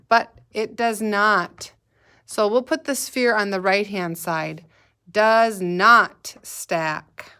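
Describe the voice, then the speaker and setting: In a recorded remote kindergarten math lesson, a woman with a mid-range voice and sharp tone patiently asks the children to repeat words after her. Her prompting is slow and sing-song.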